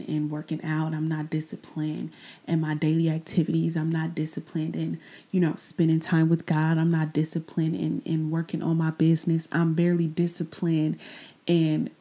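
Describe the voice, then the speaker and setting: A woman hosting a personal faith podcast, talking candidly and reflectively, often trailing off into soft, breathy asides. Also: low voice. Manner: repeats phrases, trails off into pauses. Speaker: podcast host.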